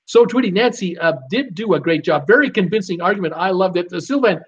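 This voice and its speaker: Middle-aged male stream host, high-pitched, chatty and jokey, dull lo-fi home mic. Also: lively intonation, fast, husky. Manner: chatty, jokey, reads comments aloud with bursts of laughter. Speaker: host of a live cruise show. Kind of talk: casual live chat reading viewer comments.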